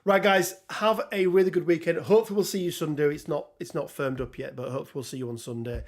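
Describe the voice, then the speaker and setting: A man's voice: a little high, steady tone, fast talker. A man hosting a casual livestream chat, laughing often and filling gaps with ums. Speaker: host.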